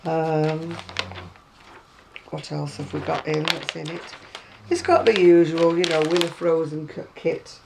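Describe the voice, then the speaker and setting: Chatty British woman with a creaky voice. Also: sits low, steady tone, unhurried, noisy background. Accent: British English. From Britain. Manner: chatty, rambling, wry asides. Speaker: crochet vlogger. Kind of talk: casual chat showing magazines. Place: at home.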